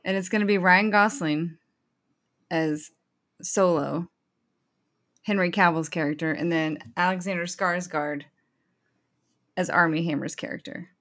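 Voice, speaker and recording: A woman in a casual movie chat, with a slightly low voice. She teases the others and talks with animation, trading quick remarks around the table. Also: fairly even intonation, fairly bright tone. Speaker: podcast co-host.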